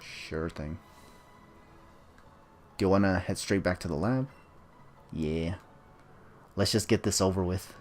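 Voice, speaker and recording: A man with a low voice chats casually while playing a video game. He rambles offhandedly and drops joking asides as he goes. Faint game music runs quietly beneath his talk. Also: slow pace, long pauses. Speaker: gameplay commentator. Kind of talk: casual let's-play commentary.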